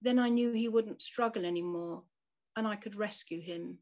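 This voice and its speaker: A woman voicing a gentle male shepherd who mends hurt creatures, speaking quietly and patiently. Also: medium pitch, moderate pace, close to an everyday voice. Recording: dull lo-fi recording.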